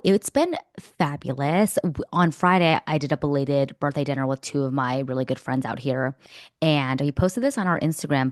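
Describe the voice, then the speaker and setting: Podcast co-host, woman, deep-toned, bubbly casual chatter, dry booth sound. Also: darkish tone, no room sound. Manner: chatty, bubbly, jumps into high squeals when gushing. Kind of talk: casual chat.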